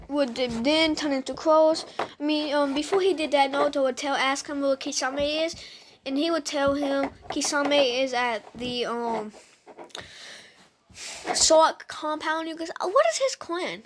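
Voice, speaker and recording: Her voice sits high and moves a little slowly, with background noise present. Chatting straight at her viewers, she casually relays a story from a fan, filling it with "um"s and restarts as she hesitates.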